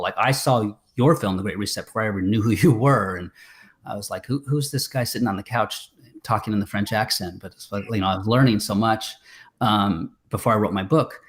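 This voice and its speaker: A man, a filmmaker guest, chatting casually on a video call, rambling with many fillers and restarts. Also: lowish voice. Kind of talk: casual interview chat.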